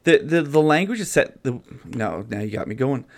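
A man's voice: medium pitch, very animated, normal speed. A man, a construction contractor, chatting earnestly on a podcast with many restarts. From Canada. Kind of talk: casual podcast chat.

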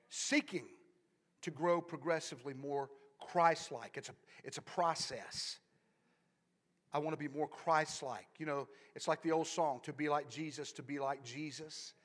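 High-voiced preaching man, echoing hall. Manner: repeats words, builds to loud preaching and drops back to soft. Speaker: pastor. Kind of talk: sermon. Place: church. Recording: long hall reverb.

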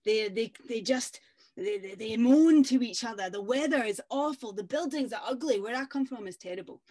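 A woman voicing a rude, blustering man on horseback who demands answers and complains loudly. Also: fairly high pitch, moderate pace, pitched above the performer's own voice, close to an everyday voice. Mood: demanding. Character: rude, blustering male rider on a stallion.

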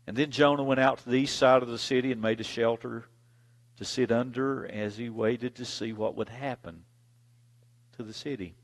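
Gravelly dramatic preacher man. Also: mid-range voice, steady tone, moderate pace. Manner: dramatic, dynamic delivery, big swings in loudness. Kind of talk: sermon with scripture reading.

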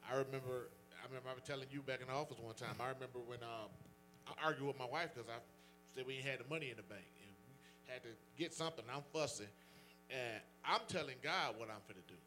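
Deacon giving testimony; fast-paced, bright, animated storyteller. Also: male voice, medium pitch, soft background music. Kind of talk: personal testimony.

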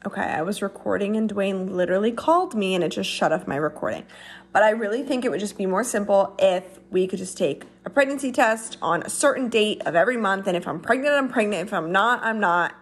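A young adult woman vlogging in a casual, chatty way, blunt and exasperated as she vents. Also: medium pitch. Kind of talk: casual talk to camera.

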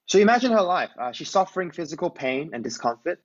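A man's voice: on the high side, big pitch swings, quick pace, dull audio. A man preaching a conversational sermon. He tells a Bible story and often asks his listeners to imagine the scene.

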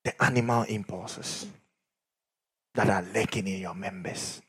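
A middle-aged man preaching a sermon, swinging from shouts down to near whispers. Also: lowish voice, steady tone, a little slow, slightly rough. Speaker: pastor.

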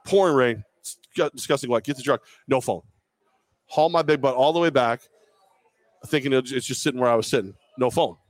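A man's voice: mid-range voice, fairly quick, pauses often, dry recording. A man co-hosting a live podcast, telling a long self-deprecating story in casual chat. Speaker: podcast co-host. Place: bar or venue, live show.

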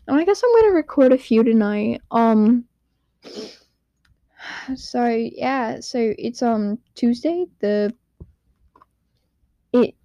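A teenage girl hosting her own podcast in a quiet room at home, rambling and giggling at herself. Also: a little high, vocal fry, no room sound, dull audio. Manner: rambling, giggly, self-deprecating. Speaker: podcast host. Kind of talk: casual solo podcast chat.

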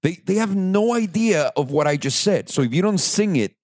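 Young guy from mexico, spanish his first language, ranting on a car podcast, swings his pitch all over, dry sound. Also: normal speed, no echo. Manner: animated, profane, rants and mimics people. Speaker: podcast host. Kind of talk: casual podcast chat.

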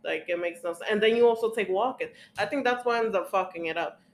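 A young woman talking casually with a co-host. She rants with plenty of swearing and slips into quick impressions of other people. A faint hiss sits under the recording. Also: medium pitch. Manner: profane, ranting, acts out quoted voices. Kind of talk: casual chat.

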